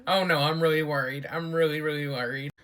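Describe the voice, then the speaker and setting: A speaker reacting to a TV episode in a casual running commentary, excitable and anxious, gasping and shouting at the big moments. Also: mid-range voice, a little fast. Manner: excitable, gasps and shouts at surprises, keeps saying she's worried. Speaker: TV reaction reviewer.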